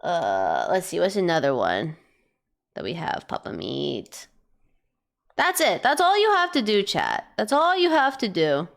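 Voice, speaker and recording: A woman streamer chatting casually to her chat while picking reaction videos, rambling, swearing offhand and breaking into excited bursts. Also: lowish voice, measured pace, vocal fry.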